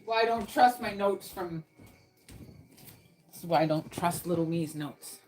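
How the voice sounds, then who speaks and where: A woman's voice: lowish voice, a little slow, darkish tone. Rambling, swearing woman gamer. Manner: rambling, swears often, talks to herself. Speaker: gaming streamer. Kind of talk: casual chat while playing a game.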